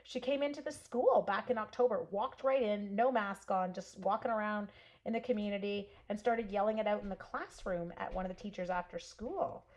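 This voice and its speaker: A Canadian woman in her forties hosts a casual live stamping stream, her mid-range voice darkish in tone and moving at normal speed. While cutting paper, she tells a long story and answers viewers by name.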